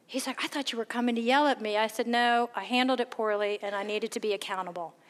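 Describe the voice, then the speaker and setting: A woman shares a candid, self-deprecating faith testimony, telling stories and animatedly acting out the voices of the people in them. She speaks fast with a fairly high pitch.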